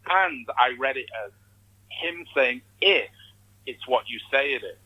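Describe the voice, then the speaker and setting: A man's voice: medium pitch, lively intonation, a little slow, slightly rough, lo-fi sound. A man telling his story as an interview guest, animatedly acting out the reactions he quotes. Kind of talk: conversational interview.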